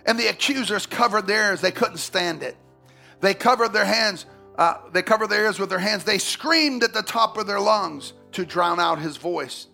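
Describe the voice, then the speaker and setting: A man preaching a sermon as pastor, swinging from loud, fervent emphasis to quiet asides. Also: sits high, moderate pace, vocal fry, faint music behind.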